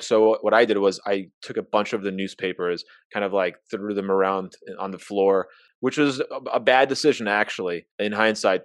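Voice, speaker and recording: Low-voiced man telling a candid story. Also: no room sound. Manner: candid, self-mocking, acts out dialogue with voice shifts. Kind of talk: casual personal storytelling.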